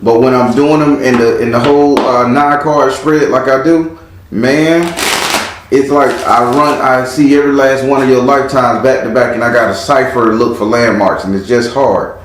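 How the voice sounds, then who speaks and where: A man giving a casual spiritual tarot reading in a relaxed way, chanting words over and over as he reads the cards. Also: medium pitch, moderate pace, a little hiss or hum. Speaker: tarot card reader. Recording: very echoey room.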